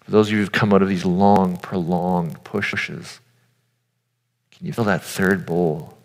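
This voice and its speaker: A man's voice: sits low, fairly even intonation, measured pace, creaky. A man giving an earnest, informal sermon, speaking directly to his audience. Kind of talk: conversational sermon. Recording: long hall reverb.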